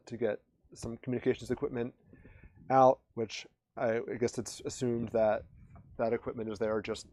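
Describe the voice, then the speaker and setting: Male podcast co-host, mid-pitched, dry close mic, rambling casual recap with lots of restarts. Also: dark tone, no echo. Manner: rambling with many restarts and fillers. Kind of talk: casual chat, recapping episodes.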